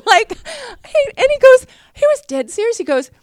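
A woman giving a personal testimony at a church service, a chatty and animated storyteller who laughs often and fills her speech with restarts. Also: very high voice, normal speed, dry recording. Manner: chatty, many fillers and restarts. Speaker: church speaker sharing a testimony.

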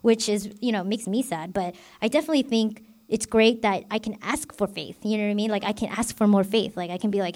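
A woman in her twenties or thirties teaches scripture in a loose, conversational way. She leans on fillers and restarts, thinking out loud as she goes. Her voice sits in a middle pitch. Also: a little fast, few pauses. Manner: chatty, filler-heavy, self-revealing. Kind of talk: informal bible teaching.

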